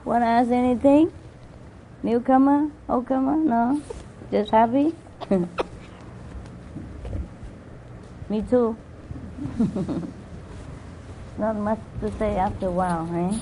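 A woman's voice: fairly high pitch, slow, long pauses, mellow. A woman leading a spiritual center gathering who talks casually with a live audience. She teases people playfully, coos fondly at her pets, and speaks English with loose non-native grammar. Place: indoor room with an audience. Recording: noisy live room recording.

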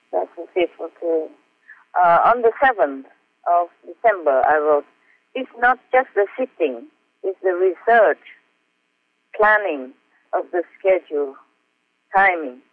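A man reads aloud from his personal diary, halting and earnest, with frequent pauses and fillers. His voice sits somewhat high and is recorded close and dry, with no room sound around it. The audio is thin and tinny, as if coming down a phone line. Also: no echo. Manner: halting, hesitant, with frequent fillers and self-mocking laughs; earnest, heartfelt.

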